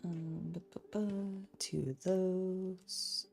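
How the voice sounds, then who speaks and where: A woman's voice: on the low side, little pitch movement, drawn-out words, creaky, darkish tone, faint music behind. A young adult woman in a casual building vlog, chatting in a rambling way with many fillers and talking to her cat. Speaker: LEGO builder and channel host.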